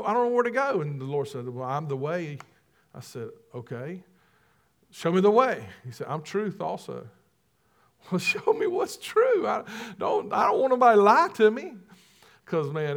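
A middle-aged man delivers a sermon as a guest pastor. His voice sits a bit high for a man. He preaches with lots of energy, acting out his talks with God. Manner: preachy, animated, acts out dialogue with God.

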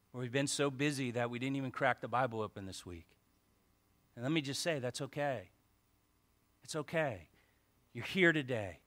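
A male pastor preaching a lively sermon, joking with the congregation and reading scripture aloud. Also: medium pitch. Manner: animated preaching with asides and jokes to the congregation.

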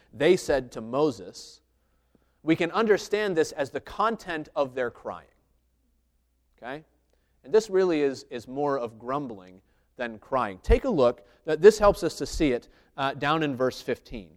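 A man giving a conversational sermon, teaching through a Bible passage and thinking aloud with many filler sounds. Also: mid-range voice.

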